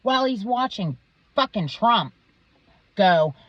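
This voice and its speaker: Thirties woman vlogger, slow-paced and animated, constantly cursing, dry dull sound. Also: fairly low pitch, no echo. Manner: heated, swears constantly. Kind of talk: profane ranting monologue.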